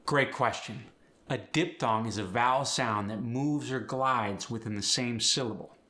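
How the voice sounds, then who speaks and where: A man's voice: mid-range voice, measured pace, bright, forceful tone. A man hosting a pronunciation tutorial, explaining sounds casually and demonstrating words. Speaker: accent coach and host.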